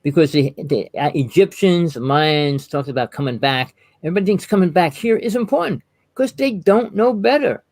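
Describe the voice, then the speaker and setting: A man hosting a casual talk about experiences, telling long rambling stories in an animated way. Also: a little high, moderate pace, no echo. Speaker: host.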